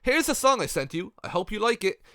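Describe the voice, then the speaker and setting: A man's voice: sits high, a little fast, clear, resonant tone, no room sound, studio quality. Sarcastic young man reading comments. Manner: sarcastic, mocking, deadpan asides. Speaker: YouTube commentator.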